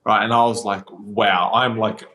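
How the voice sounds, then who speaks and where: A man in his twenties from Australia, a guest on a podcast, telling stories casually and acting out his own quotes with lively shifts of voice, heard over a remote call. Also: lowish voice, moderate pace, rough recording. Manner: animated storyteller, acts out his own quotes. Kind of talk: casual storytelling interview.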